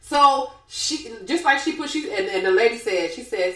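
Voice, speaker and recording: In an echoey, reverberant space, a woman with a highish voice talks at normal speed with few pauses, an animated co-host reenacting who said what in reality TV gossip on her podcast. The recording is rough.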